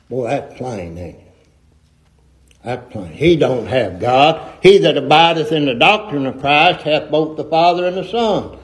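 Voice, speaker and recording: Folksy preacher, emphatic. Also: male voice, a little high, poor audio. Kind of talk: sermon.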